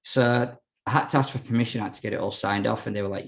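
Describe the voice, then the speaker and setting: A man's voice: lowish voice, fairly even intonation, racing, gravelly. A young man telling his story as a podcast guest, frank and rambling, with many fillers and restarts. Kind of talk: casual storytelling interview.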